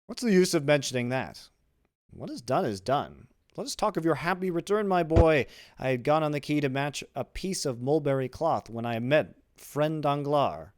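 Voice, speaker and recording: A man's voice: a little high, very animated, normal speed, a little mellow, no room sound, studio quality, voice pushed up. A man voicing a greedy, fawning young tailor who talks in an ingratiating, insistent way. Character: greedy fawning neighbor, male tailor in his twenties.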